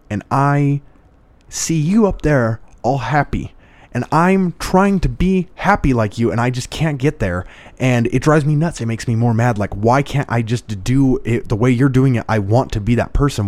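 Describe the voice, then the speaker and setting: A man's voice: mid-range voice, animated, moderate pace, darkish tone, no echo, natural voice. A man voicing a frustrated, furious man with a thick East Coast accent, ranting about why he can't be happy. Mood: angry, exasperated. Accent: American East Coast. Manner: ranting, exasperated.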